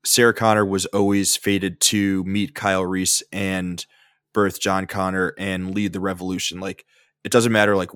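A man's voice: low voice, a bit bright, smooth, no echo, clean studio sound. A man hosting a casual podcast discussion about a film, rambling with fillers and restarts. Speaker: podcast host.

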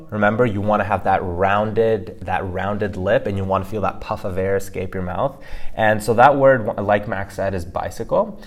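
Deep-voiced man explaining pronunciation casually. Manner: chatty, loose with fillers like "like" and "you know". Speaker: language podcast co-host.

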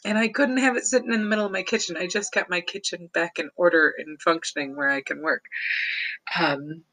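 Bright-toned woman casually telling a story. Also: lowish voice, fairly even intonation, a little fast, poor audio. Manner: rambling, chuckling often between phrases.

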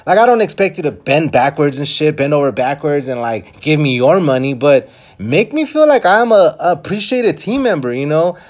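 A man's voice: fairly high pitch, animated, normal speed. A young man venting in a rambling, frustrated way, swearing often as he tells his story. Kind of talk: casual vlog rant.

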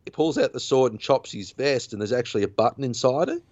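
A man's voice: mid-range voice, lively intonation, fast, a little mellow, dry recording. A man hosting a podcast, casually retelling a film's plot in a rambling way, full of fillers and restarts. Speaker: podcast host. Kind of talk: casual film recap chat. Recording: dull lo-fi dry sound.

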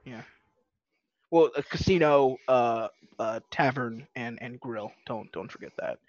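A man's voice: mid-range voice, measured pace, no echo. A man chatting casually about his tabletop game character, rambling with restarts, laughing and swearing. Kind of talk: casual podcast chat. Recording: dull lo-fi audio.

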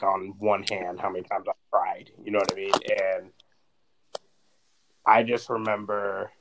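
On a podcast he co-hosts, a thirtyish man with a fairly low voice tells a meandering personal story conversationally, leaning on fillers and "like" constantly. There's background noise in the clip.

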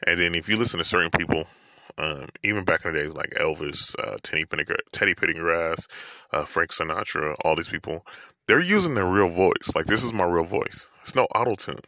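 Deep gravelly man ranting casually. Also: animated, a little fast, sharp tone, no echo. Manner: loose, slangy, rambling with many fillers. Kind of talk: casual opinion monologue.

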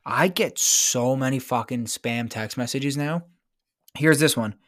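A man's voice: medium pitch, a little slow, dry recording, studio quality. A man co-hosting a podcast, bantering casually with lots of swearing. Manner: profane, laughing banter. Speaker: podcast co-host. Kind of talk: casual chat.

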